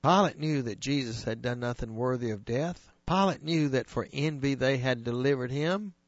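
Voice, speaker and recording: A man's voice: mid-range voice, dry recording. Earnest male preacher, dull dry recording. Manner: earnest, emphatic, slows on key phrases. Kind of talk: sermon retelling scripture.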